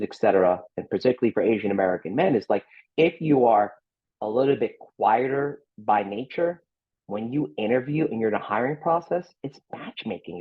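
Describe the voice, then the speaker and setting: An outgoing man speaking as a podcast guest and executive recruiter, talking in an animated, emphatic way. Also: fairly low pitch, husky, muffled recording. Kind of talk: casual interview talk.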